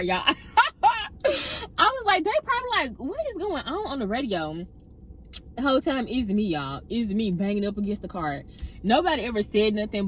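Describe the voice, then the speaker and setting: A young woman casually telling a personal workplace story, chatty and animated, often addressing listeners directly. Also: mid-range voice, a little hiss or hum. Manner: animated retelling with acted-out quotes.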